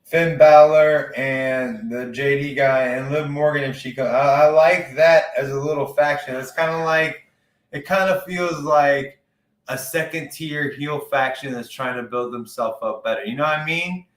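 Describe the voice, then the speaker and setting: A man in casual conversation, rambling through his opinions with plenty of swearing. His voice sits in a roomy space with a clear echo behind it. The pitch stays at an ordinary middle level for a man. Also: steady tone, normal speed, a bit bright. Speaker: podcast co-host. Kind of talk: casual wrestling chat.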